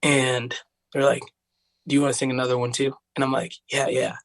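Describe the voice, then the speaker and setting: A man's voice: mid-range voice, little pitch movement, fairly quick. A young man from Tennessee, telling a story in a rambling, casual way, full of "like". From Tennessee, USA. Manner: rambling, heavy use of "like", acts out voices of others. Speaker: podcast guest, singer.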